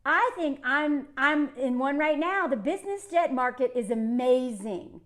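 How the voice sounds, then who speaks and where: A woman's voice: high voice, animated, measured pace, a bit bright. A woman putting on a smug, boastful rich man's voice, bragging in an exaggerated, sarcastic way.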